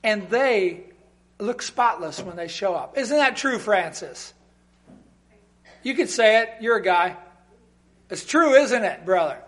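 A man preaching a sermon in a church, animated and emphatic, with humorous asides to the congregation that rise into loud outbursts. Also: high voice, takes it slowly, pauses often. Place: church sanctuary.

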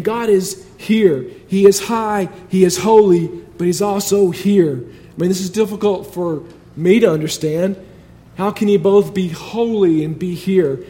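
A man's voice: sits high, measured pace, warm tone. A man preaching a sermon in a conversational but emphatic way, building points through repetition.

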